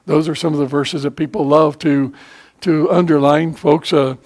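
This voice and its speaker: Older male pastor, a touch high in pitch, preaching in an easy, halting style that swells into emphasis. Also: steady tone, darkish tone. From United States. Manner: conversational preaching, frequent filler pauses, emphatic rises. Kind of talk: sermon.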